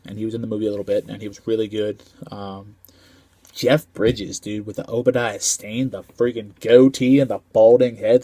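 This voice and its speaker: Casual male movie reviewer, slangy and rambling, lowish voice, dry recording. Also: mellow, no echo. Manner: slangy, rambling, lots of filler ums.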